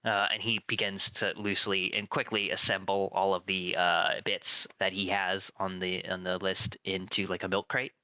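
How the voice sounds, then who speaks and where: A man narrating as game master of a tabletop game, relaxed and descriptive. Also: deep voice, normal speed, few pauses, smooth, dry recording.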